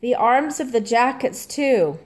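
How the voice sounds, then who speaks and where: A woman voicing a helpful, quick-thinking young boy in a storybook read-aloud. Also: fairly high pitch, lively intonation. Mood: eager.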